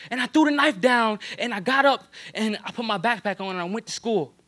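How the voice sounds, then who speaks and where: Young man from New Jersey, high bright voice, loose slangy testimony full of fillers. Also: animated, fairly quick. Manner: casual street slang, many fillers like "you know what I'm saying". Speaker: church youth member giving testimony. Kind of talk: personal testimony.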